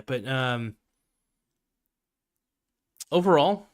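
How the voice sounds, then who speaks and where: A man's voice: mid-range voice, moderate pace, a bit bright. A man hosting a podcast, ranting casually in a blunt, profane way and often cutting himself off mid-sentence. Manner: blunt, profane, self-interrupting. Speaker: podcast host.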